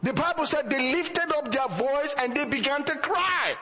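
A man's voice: very high voice, expressive, moderate pace, bright, forceful tone, in a large hall, a little hiss or hum, rough recording. A man preaching a sermon as pastor, asking the congregation rhetorical questions and chuckling between points.

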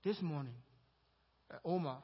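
High-voiced man preaching in a reverberant hall. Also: normal speed, breathy edge. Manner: builds to loud emphatic preaching with call-and-response. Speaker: pastor. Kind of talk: sermon. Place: church. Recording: reverberant church hall, dull lo-fi sound.

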